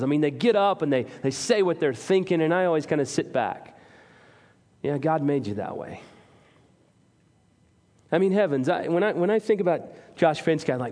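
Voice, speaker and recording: A man's voice: fairly high pitch, animated, moderate pace, long pauses, darkish tone. A man preaching a sermon as a pastor, talking to his congregation in an earnest, conversational way with self-deprecating humor. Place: church sanctuary. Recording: reverberant hall.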